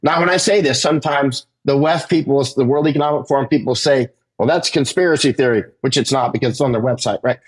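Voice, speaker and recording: A man, a war correspondent, giving an emphatic interview monologue that climbs higher in pitch as he gets worked up, with frequent "right?" tags. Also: fairly even intonation, fast, hardly any pauses, husky.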